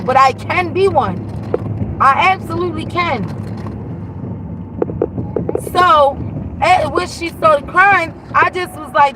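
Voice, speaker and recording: A woman's voice: high voice, lively intonation, takes it slowly, pauses often, noisy background. A woman in her thirties telling a casual storytime rant, blunt and profane, talking straight to her viewers from inside a car.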